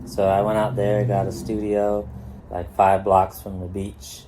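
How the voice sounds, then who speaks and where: A man's voice: on the low side, monotone, a little slow, mellow, a little hiss or hum. A middle-aged man from California, a guest telling laid-back stories, swearing freely and laughing as he goes. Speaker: guest, pro skateboarder. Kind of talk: casual storytelling.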